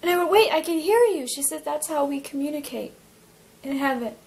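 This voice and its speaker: A young woman from Alaska recounting a personal near-death experience, talking in an emotional, halting way with many fillers and restarts. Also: high voice, animated, a little mellow, poor audio. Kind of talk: personal testimony, casual storytelling.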